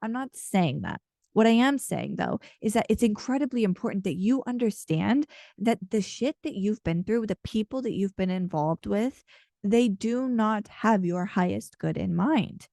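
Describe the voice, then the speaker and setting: A woman's voice: mid-range voice, animated, normal speed, gravelly, warm tone, dry recording, studio quality. A woman giving a casual, channeled card reading in an earnest, intense way, rambling and full of fillers as she speaks. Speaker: intuitive card reader and channeler.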